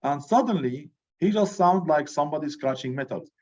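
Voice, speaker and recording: Loud animated male teacher, dull recording. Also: on the high side, brisk. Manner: loud, animated, repeats "good" as a check-in. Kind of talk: classroom lecture.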